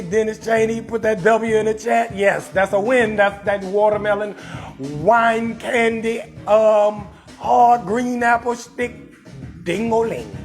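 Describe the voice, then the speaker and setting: A man with a New Orleans accent hosts a live comedy talk stream in a very high, gravelly voice. He is loud and rowdy, cursing as he reads viewer comments and roasts people. Faint music plays behind him. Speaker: comedy talk show host.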